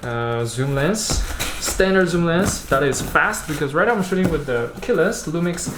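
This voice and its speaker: A man doing a casual unboxing vlog about camera gear, chatting in a halting way and thinking aloud as he handles the lens. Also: fairly high pitch, lively intonation, noisy background. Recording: roomy echo.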